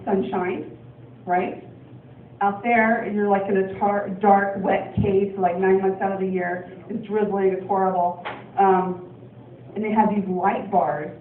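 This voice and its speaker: A woman's voice: medium pitch, slight background noise. A woman from Portland, Oregon, doing a stand-up comedy set, rambling with lots of ums and laughs. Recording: distant, echoey, phone-like club recording.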